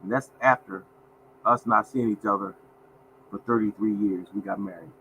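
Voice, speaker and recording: A man's voice: on the low side, steady tone, normal speed, fairly bright tone, a little hiss or hum, rough recording. A man in his fifties hosting a casual livestream, folksy and repetitive, often calling out to viewers as y'all. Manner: folksy, repeats phrases, addresses viewers as y'all. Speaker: livestream host.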